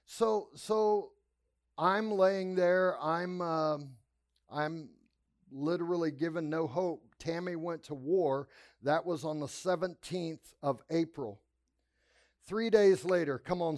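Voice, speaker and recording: A male pastor with a fairly high voice tells his story from the pulpit. He builds drama, rising and falling as he goes. It is a lively sermon testimony. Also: takes it slowly.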